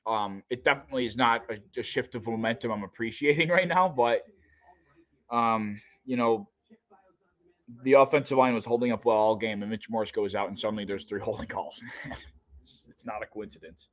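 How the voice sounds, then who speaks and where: A man's voice: on the low side, normal speed, fairly bright tone, dull audio. A man hosting a livestream, reacting live to a football game with exasperated, groaning fan outbursts.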